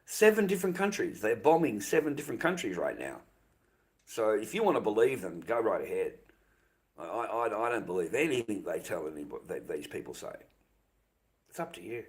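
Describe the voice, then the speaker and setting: A man's voice: fairly low pitch, sing-song, fairly quick. An Australian man ranting to his stream viewers, heated and profane, repeating himself often. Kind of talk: ranting livestream monologue.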